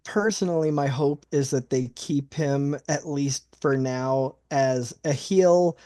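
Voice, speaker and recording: A man's voice: fairly high pitch, slow, mellow, dry recording, clean studio sound. A man co-hosting a casual wrestling review chat, loose and joking. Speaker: podcast co-host.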